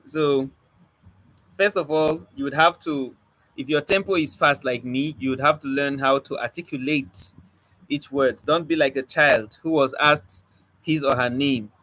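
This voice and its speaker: A man teaches a spoken word poetry class, speaking in quick bursts with a stammer, drilling points and quizzing his students. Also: medium pitch, rough recording. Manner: animated teacher, asks the class questions and drills points by repeating them. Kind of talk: live online class lecture.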